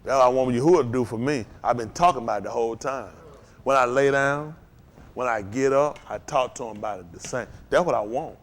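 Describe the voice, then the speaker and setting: A man preaching to a congregation, calling out to them and rising to shouts. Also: mid-range voice, brisk, a little hiss or hum. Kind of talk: sermon.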